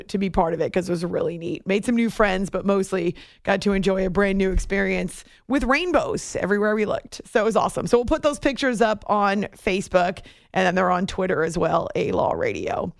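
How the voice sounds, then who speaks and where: A woman radio host telling a story in a chatty, animated way, laughing easily. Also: mid-range voice, brisk, creaky, dry recording, studio quality. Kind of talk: casual storytelling on a radio show.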